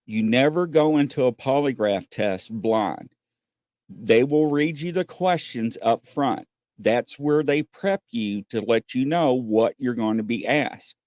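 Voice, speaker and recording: A man hosting a casual podcast, telling stories with lots of pauses and acting out what people said. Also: mid-range voice, darkish tone, no room sound, clean studio sound. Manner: rambling storyteller, many "uh" pauses, acts out quotes. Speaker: podcast host. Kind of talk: casual chat.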